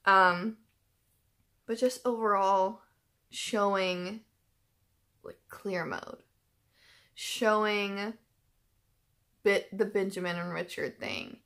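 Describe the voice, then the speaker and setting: A woman's voice: medium pitch, drawn-out words, creaky, pauses often, fairly bright tone. A woman hosting a reaction channel, chatting casually and emotionally, with lots of filler words and restarts. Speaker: YouTube reaction channel host. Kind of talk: casual chat.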